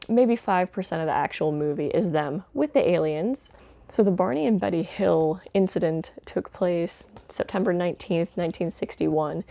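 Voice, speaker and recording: A woman's voice: on the low side, darkish tone, no echo. A woman giving a casual spoken film review, chatty and candid, with lots of fillers like "um" and "like". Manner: candid, mildly sardonic asides. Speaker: home video reviewer.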